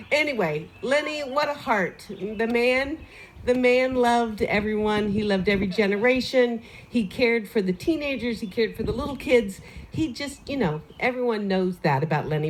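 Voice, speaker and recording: A woman gives a chatty eulogy into a microphone at a neighborhood gathering, trailing off into fillers and laughing asides. Her voice sits at a middle pitch, with faint hiss behind it. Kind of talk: storytelling speech at a memorial.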